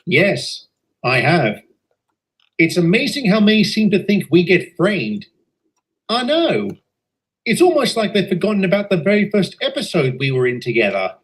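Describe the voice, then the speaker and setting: A calm, sensible train engine, as a man puts him on, chatting evenly about the show with his friends. The voice sits fairly high and moves lively through each line. It is a friendly fan-comedy voice. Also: normal speed, low-quality recording.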